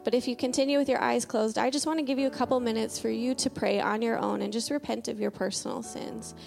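A woman's voice: a little high, fairly even intonation, fast, gravelly, darkish tone, faint music behind. A woman preaching and leading prayer in a conversational sermon, chatty and full of filler words, telling homely stories.

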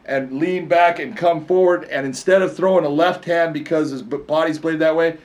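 A man's voice: on the high side, steady tone, normal speed. A man co-hosting a casual combat-sports talk show, telling stories animatedly and laughing often. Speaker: co-host, fight commentator. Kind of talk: casual chat.

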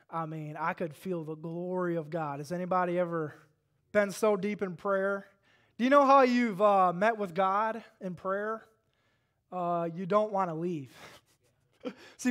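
A man in his forties, a pastor, preaching a sermon with dynamic swings from hushed to loud and fervent. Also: a little high.

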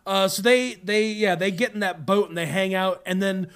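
A man's voice: high voice, fairly even intonation, moderate pace, fairly bright tone, clear, resonant tone. A man co-hosting a movie podcast, retelling the plot with crude, profane jokes. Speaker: podcast co-host. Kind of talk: casual comedic movie recap.

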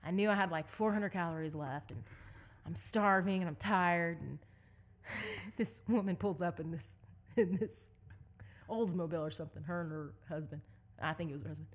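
Woman, young adult, from Southeast Texas, interview guest, animated storyteller, laughs a lot. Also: on the low side, normal speed. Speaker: guest, endurance bike racer.

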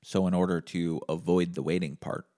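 A man hosting a podcast, telling a comedic story as a deadpan, profane rant and acting out both sides of the argument himself. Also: deep voice, normal speed. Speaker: podcast host.

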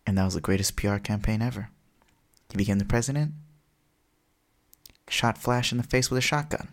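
A young man co-hosting a podcast, telling jokey stories in an animated, casual way. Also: fairly low pitch, brisk, pauses often. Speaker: podcast co-host. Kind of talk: casual chat.

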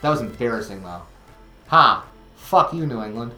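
A man from Connecticut co-hosting a podcast in casual comedic chat, animated and playful, with bursts of loud exclamation. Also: medium pitch, moderate pace, echoey room, faint music behind. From Connecticut, USA. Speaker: podcast co-host.

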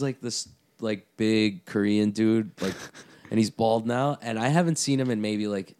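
A young man co-hosting a casual chat, telling lively stories, acting out what people said, and swearing freely. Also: lowish voice, unhurried, no room sound, clean studio sound. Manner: animated storyteller, acts out quotes, swears casually. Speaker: podcast co-host.

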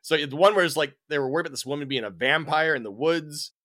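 A man's voice: fairly high pitch, fast talker, fairly bright tone. A man co-hosting a podcast in casual chat, recapping with plenty of "like" and "you know" and laughing often. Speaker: podcast co-host.

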